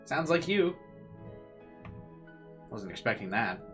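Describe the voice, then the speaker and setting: A man's voice: medium pitch, sing-song, slow pace, music in the background. A young man streaming a visual novel, reading the narration aloud with added drama and chatting with viewers between passages.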